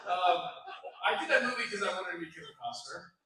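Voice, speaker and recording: A man's voice: sits high, fast, a crowd in the background. A man on a convention panel telling anecdotes in a laughing, self-deprecating way. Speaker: panel guest actor. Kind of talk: anecdotal storytelling. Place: large convention hall. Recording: echoey hall, taped from far off.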